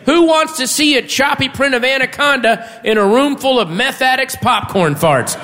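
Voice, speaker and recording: High-voiced stand-up comic, shouting punchlines. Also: male voice, normal speed. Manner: animated, shouting punchlines, laughing through the story. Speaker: stand-up comedian. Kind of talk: stand-up storytelling. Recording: live club sound with reverb, crowd and noise.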